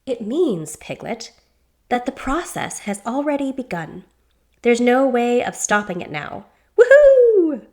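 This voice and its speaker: A woman's voice: on the high side, expressive, a little slow, pitched above the performer's own voice. A woman reading a book aloud and voicing a jovial, whimsical female boar with a quizzical manner and bursts of laughter. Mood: gleeful.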